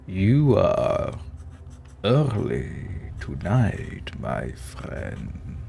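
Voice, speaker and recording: A sinister undead coachman in a gothic audio drama, his voice gravelly and sunk very low. He lingers over every word with a menacing, cat-and-mouse slowness, and the pitch rolls widely with each line. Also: wildly swooping pitch, over music, exaggerated voice. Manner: menacing, slow and drawn out. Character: sinister male coach driver, undead count in disguise.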